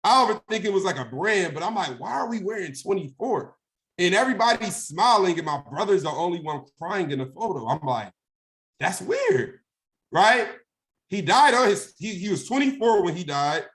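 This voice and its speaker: This young guest speaker's voice is high and fairly bright, swinging widely in pitch as he talks a little fast. He recounts a personal story in a relaxed way, acting out phone calls and repeatedly asking "right?"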